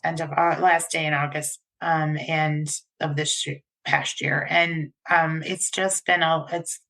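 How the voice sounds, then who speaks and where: A woman co-host in a casual podcast conversation, speaking earnestly and haltingly with frequent restarts. Her voice sits somewhat low, with a bright, forceful edge. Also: little pitch movement, vocal fry.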